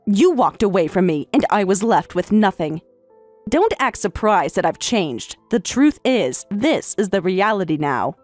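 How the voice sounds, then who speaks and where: A woman voicing a middle-aged stepmother, speaking in a calm, detached and formal way. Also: mid-range voice, measured pace, no room sound, soft background music. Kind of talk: story narration with voiced roles.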